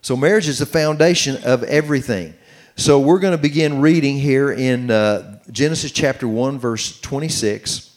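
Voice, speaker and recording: A middle-aged man preaching on marriage, reading scripture slowly and commenting as he goes. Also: medium pitch. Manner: earnest, reads scripture slowly with running commentary. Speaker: pastor teaching on marriage. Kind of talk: sermon-style Bible teaching.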